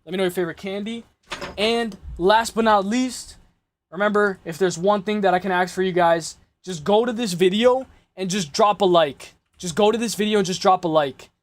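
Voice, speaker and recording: A man's voice: high voice, normal speed. A young man hosting a casual livestream chat with slangy, rambling talk, his voice a little worn out, constantly repeating "guys". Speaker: livestream host.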